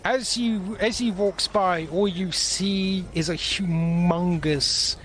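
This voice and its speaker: A man narrating as game master of a tabletop role-playing session, relaxed and chuckling as he reads out what the players hear. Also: high-pitched, slow pace, a little hiss or hum.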